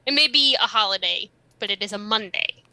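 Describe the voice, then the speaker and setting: A woman's voice: medium pitch, a little fast, sharp tone, no echo. A woman player chatting and joking casually on a tabletop game stream.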